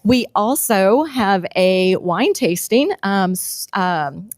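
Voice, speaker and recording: A woman's voice: medium pitch, lively intonation, slow, dry recording. A woman co-hosting a live event in casual chat, laughing often and filling with ums. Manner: chatty, laughing, many ums. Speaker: livestream co-host.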